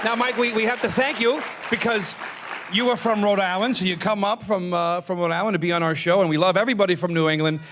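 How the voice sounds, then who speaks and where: A man's voice: sits high, steady tone, quick pace. A man hosting a live show on a theatre stage, upbeat and hyping up his guest. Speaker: TV show host. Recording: loud crowd and noise.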